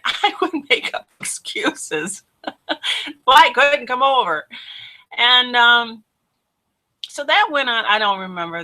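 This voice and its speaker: A woman hosting her own show, telling a personal testimony in an animated way, laughing often and acting out what people said. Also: lowish voice. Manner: animated, laughs often, acts out quoted voices. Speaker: host.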